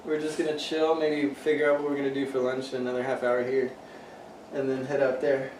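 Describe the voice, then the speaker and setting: A man's voice: mid-range voice, monotone, brisk, a little mellow. A man, casually chatting and swearing freely as a podcast co-host. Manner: loose, profane storytelling. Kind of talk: casual chat. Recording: roomy room, distant mic, faint hum.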